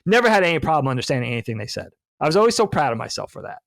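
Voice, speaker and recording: A man's voice: fairly high pitch, big pitch swings, very fast, gravelly, dry recording, clean studio sound. A man co-hosting a podcast, talking about films in a casual, enthusiastic way and laughing often. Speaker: podcast co-host. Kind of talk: casual podcast film discussion.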